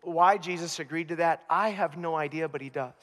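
A man preaching a sermon as pastor, telling the story with humor and animated asides. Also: on the high side, a little fast, in a large hall. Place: church.

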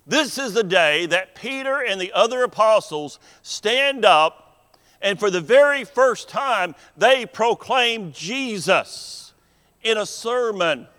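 A man preaching a sermon in a church, earnest and deliberate, with emphatic pauses. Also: sits high, sharp tone, smooth. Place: church sanctuary. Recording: long hall reverb in a church.

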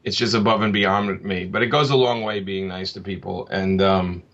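A man's voice: low-pitched, fairly even intonation, normal speed, a bit bright. Rambling man on dull lo-fi audio. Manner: rambling, full of restarts and fillers. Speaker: comic book creator guest. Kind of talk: casual interview chat.

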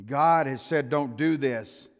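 An older man preaching a sermon in a folksy style, acting out quotes and swinging between loud and soft. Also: medium pitch, takes it slowly. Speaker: pastor. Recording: long reverb of a church hall.

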